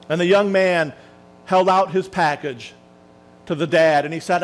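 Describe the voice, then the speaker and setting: High-voiced male minister telling a story. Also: steady tone, low-quality recording. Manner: dramatic, slowing and softening for emphasis. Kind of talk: sermon storytelling.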